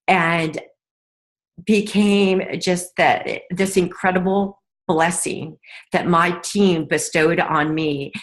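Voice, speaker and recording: A middle-aged woman telling a heartfelt personal story as an interview guest, earnest and halting at times. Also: lowish voice. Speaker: guest, business leader.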